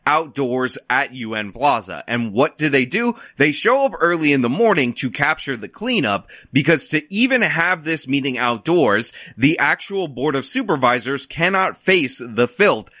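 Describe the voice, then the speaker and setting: A man's voice: medium pitch, lively intonation, moderate pace, few pauses, sharp tone, no echo, clean studio sound. A man ranting sarcastically as he comments on news clips, mocking and worked up. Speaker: political commentator.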